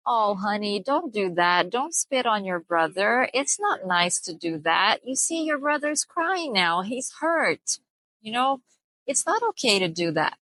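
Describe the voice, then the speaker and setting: A young mother giving parenting advice to the camera in an earnest, explanatory way, slowing down to stress key points. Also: medium pitch, sharp tone, no room sound, poor audio. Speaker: parenting vlogger.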